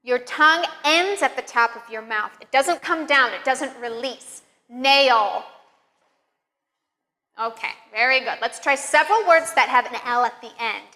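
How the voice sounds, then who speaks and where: A woman teaching English pronunciation, leading slow, careful drills with encouraging praise. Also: high voice, sharp tone. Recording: long reverb, room echo.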